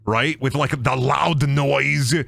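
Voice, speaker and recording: A man's voice: medium pitch, slow pace, gravelly. A young man rambling and joking as he streams a game. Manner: rambling, jokey, animated. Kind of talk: casual let's-play commentary.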